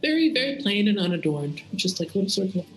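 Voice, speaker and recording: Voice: medium pitch, very animated, fast talker, soft background music. Game master narrating in a roomy echo. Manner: descriptive, dreamy narration.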